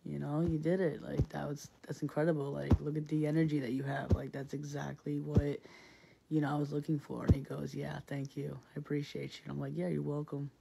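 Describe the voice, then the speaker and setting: A man's voice: a little high, completely flat delivery, brisk, creaky, dark tone, slight background noise. A man in a casual, reflective monologue, speaking earnestly and often repeating himself with many fillers.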